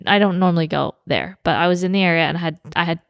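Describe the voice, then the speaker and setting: A woman co-hosting a podcast chats casually, acting out both sides of the story she's telling. Her voice is fairly low, fast and creaky, in a dry, studio-quality recording.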